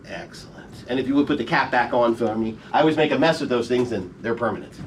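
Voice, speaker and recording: Playful stage magician heard from the audience. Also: male voice, mid-range voice, fast. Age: middle-aged. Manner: playful, teasing audience banter. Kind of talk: live comedy magic show patter. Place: theater show room, recorded from the audience. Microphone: audience member's camera from the front row. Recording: distant stage voice with faint room noise.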